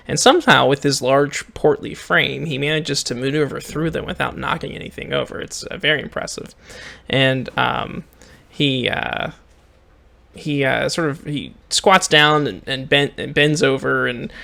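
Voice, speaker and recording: Gm guy narrating, slow and halting, lots of ums, gravelly bright voice. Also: medium pitch. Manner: halting, with many fillers. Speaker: game master. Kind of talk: narrating a tabletop game.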